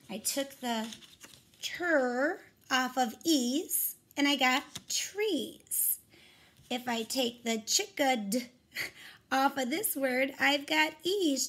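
A woman's voice: high-pitched, slightly rough. Encouraging woman teacher reading to kids. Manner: warm, encouraging, talks straight to the children. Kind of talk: read-aloud phonics lesson for young children.

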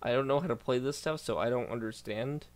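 A man's voice: mid-range voice, a little fast. A man doing casual reaction commentary as a YouTuber, reading posts aloud, stumbling over words and bursting out in disbelief.

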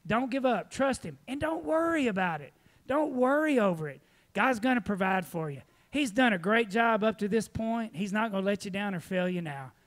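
A man preaching in a church, his voice sitting high for a man. He spins folksy stories with a laugh. Then he moves on to plain church announcements. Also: normal speed. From Texas. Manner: folksy storytelling, animated, laughing often. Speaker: pastor.

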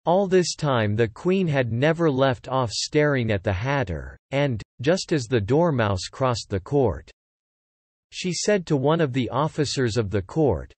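Expressive male storybook narrator. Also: mid-range voice, a little slow, dry recording. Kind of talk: storybook read-aloud.

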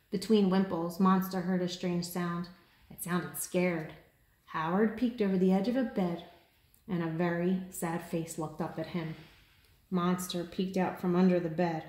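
A woman teacher reading a children's picture book aloud, with animated storytelling. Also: lowish voice, roomy sound. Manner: animated storytelling, lifting her voice for the children's cries. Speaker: kindergarten teacher.

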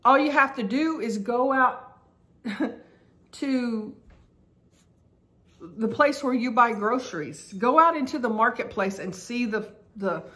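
A woman's voice: a little high, expressive, slow pace, pauses often, a bit bright. A middle-aged woman leading a Bible study, reading scripture aloud and reflecting on it in an earnest, emphatic way, sometimes spelling out words for emphasis.

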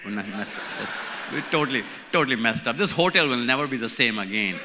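A man's voice: mid-range voice, expressive, fast, noisy background. A man in his sixties from India with an Indian accent, giving a playful church leadership conference talk and repeating key words for emphasis. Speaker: conference speaker. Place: large conference hall. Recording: reverberant hall.

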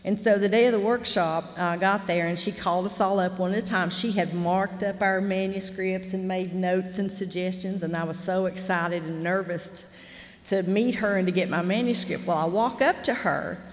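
A middle-aged woman, telling a candid, animated story while teaching a fiction master class. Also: medium pitch, moderate pace. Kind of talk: storytelling lecture. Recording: reverberant lecture hall.

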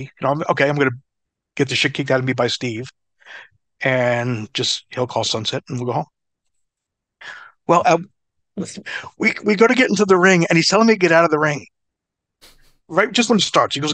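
A man's voice: on the high side, moderate pace, long pauses, no echo. A middle-aged man and former pro wrestler telling stories in a casual interview, swearing freely and laughing as he goes. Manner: profane, animated, laughs through stories.

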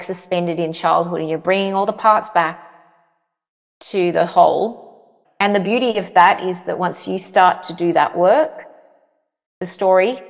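Earnest low-voiced woman, echoey room. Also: creaky. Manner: earnest, repeats phrases for emphasis. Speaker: parenting guest. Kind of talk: conversational interview answers. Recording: long reverberant echo.

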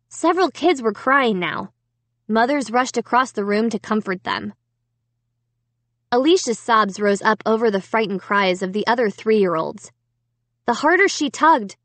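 A woman narrating a children's horror story in the first person with a dramatic, expressive reading. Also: fairly high pitch, dry recording. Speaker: audiobook narrator.

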